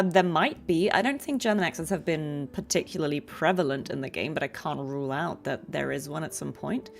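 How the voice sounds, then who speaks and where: A British woman, a voice actor chatting casually on a game livestream, laughing often and with many fillers. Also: on the low side. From Britain. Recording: game music behind.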